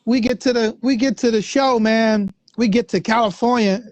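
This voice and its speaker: A man guest telling a story in a lively, slangy, laughing way. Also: extremely high pitch, normal speed, no room sound, lo-fi sound. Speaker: guest musician. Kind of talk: casual storytelling.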